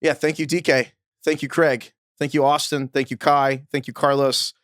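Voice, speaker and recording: A man's voice: medium pitch, flat delivery, normal speed, fairly bright tone, dry recording, studio quality. A young adult man co-hosting a podcast, chatting casually, swearing and laughing often. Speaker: podcast co-host.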